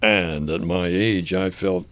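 An older man, a guest in an interview, telling a personal story earnestly and reflectively, halting with frequent restarts. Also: deep voice, a bit bright.

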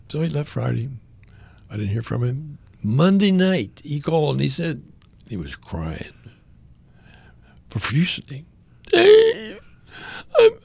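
An older man telling a personal story as a radio guest, animated, acting out the voices of the people he quotes. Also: fairly low pitch, gravelly, husky, dry recording. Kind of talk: conversational testimony.

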